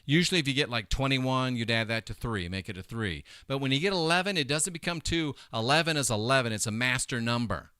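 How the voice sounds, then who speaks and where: Emphatic middle-aged man, crisp bright voice. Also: mid-range voice, fairly quick, hardly any pauses, dry recording, clean studio sound. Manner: animated, emphatic, digressive. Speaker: host. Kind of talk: casual commentary.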